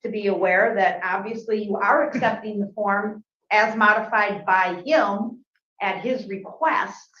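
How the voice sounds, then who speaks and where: A woman prosecutor arguing formally before a judge, measured and careful, with frequent hesitations. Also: mid-range voice, bright, forceful tone. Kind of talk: formal courtroom argument. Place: courtroom. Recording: roomy courtroom audio, muffled.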